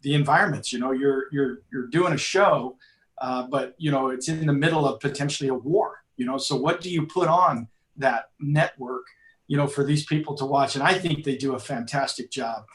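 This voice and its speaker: A man's voice: medium pitch, normal speed, fairly bright tone. Earnest man in an echoey room. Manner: earnest, leans on "you know". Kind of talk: radio interview. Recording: roomy echo.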